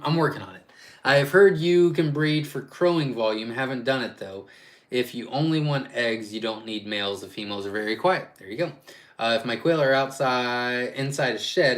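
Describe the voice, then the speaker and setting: A man's voice: medium pitch, a bit bright. A man hosting a casual live-stream Q&A as a quail farm owner, chatty and rambling, reading viewer questions aloud and answering off the cuff.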